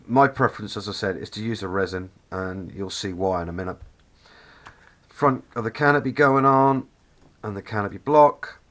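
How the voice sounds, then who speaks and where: A man's voice: lowish voice, fairly bright tone. A man with a Norfolk accent casually walking through a model kit review, enthusiastic and rambling, often correcting himself mid-sentence. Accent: Norfolk English.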